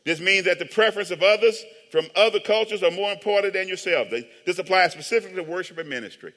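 Male pastor, high and bright, animated joking sermon delivery, long church reverb. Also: fast talker. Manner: animated, joking, calls for amens. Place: church sanctuary.

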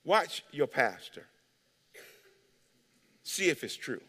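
A male pastor delivers a sermon, calling for responses from the congregation. His voice is high, bright and swings widely in pitch. A long reverb from the church sanctuary follows his words. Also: slow. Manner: animated call-and-response preaching.

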